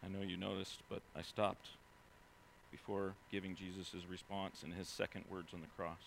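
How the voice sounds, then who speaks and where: A man preaching a sermon, reading scripture quietly and then rising into loud, emphatic preaching. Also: deep voice, level tone, normal speed, creaky, a little hiss or hum. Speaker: pastor.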